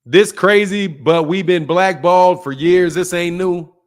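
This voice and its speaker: Man, livestream host, fairly high voice, profane, confrontational, animated rant. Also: a little slow.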